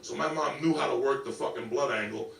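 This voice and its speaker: A man telling a profane comedic story, brash and animated, swearing constantly, in an echoey clip heard from a distance. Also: mid-range voice, a little fast, creaky, a little hiss or hum. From New York. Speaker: stand-up comedian. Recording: echoey clip picked up from afar.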